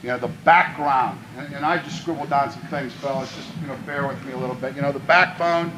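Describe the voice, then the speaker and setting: A man who is a high school football head coach, giving an earnest, plainspoken pregame speech to his players and often restarting his phrases. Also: fairly even intonation, fairly quick, noisy background. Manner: grows louder and more fervent when speaking of country.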